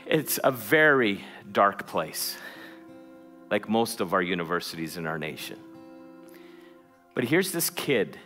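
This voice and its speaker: A man's voice: fairly low pitch, sing-song, takes it slowly, long pauses, pushed and bright, faint music behind. A middle-aged man preaching a sermon in a church, telling a story with stammered restarts before building to fervent calls. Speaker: pastor. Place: church sanctuary.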